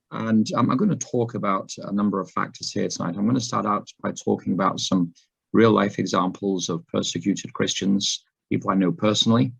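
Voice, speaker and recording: A man giving a sermon talk to a congregation, hoarse after laryngitis, unhurried and full of ums and uhs. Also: lowish voice. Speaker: guest speaker. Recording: dull lo-fi recording.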